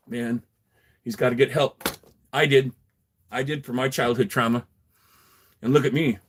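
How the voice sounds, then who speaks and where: Male streamer chatting from his garage; loose, swearing, laughs a lot, talks to chat. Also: mid-range voice. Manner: profane, rambling, laughs often, reads chat aloud. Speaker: livestreamer. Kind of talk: casual livestream chat. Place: home garage.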